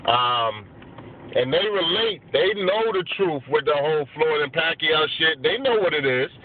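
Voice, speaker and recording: A man's voice: fairly high pitch, lively intonation, normal speed. A man in a casual boxing vlog, talking loose, profane street slang with many fillers. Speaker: boxing vlogger giving channel shout-outs. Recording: tinny lo-fi phone-like audio with faint hiss.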